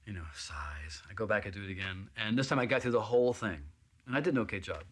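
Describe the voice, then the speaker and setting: A man's voice: very fast, fairly bright tone. A man telling an audition story, acting out the other people's lines in it. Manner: acts out other people's lines with big pitch jumps. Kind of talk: animated anecdote.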